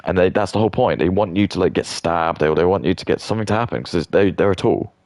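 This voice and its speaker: A man's voice: low-pitched, fast, a little mellow, no echo, studio quality. A British man in his thirties, talking in a rambling, blunt rant with frequent stammering restarts. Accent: British English. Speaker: streamer.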